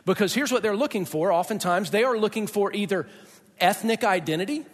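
A man preaching a sermon as pastor, talking in an emphatic, conversational way with dramatic pauses. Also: high-pitched. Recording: long hall reverb.

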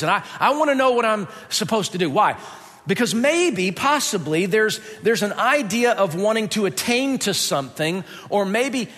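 Animated preacher man in a reverberant hall. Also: high-pitched. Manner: animated, conversational preaching with rhetorical questions. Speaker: pastor. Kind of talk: sermon.

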